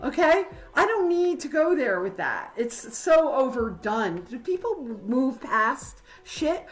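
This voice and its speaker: A woman's voice: high-pitched, very animated, takes it slowly, hardly any pauses, soft background music, poor audio. A woman hosting a livestream, ranting heatedly and confrontationally, rambling with fillers. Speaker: livestream host.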